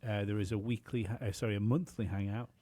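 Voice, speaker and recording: A man's voice: lowish voice, fairly even intonation, fast talker, mellow, dry recording. A man co-hosting a podcast, chatting casually, rambling with many fillers and some swearing. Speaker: podcast co-host.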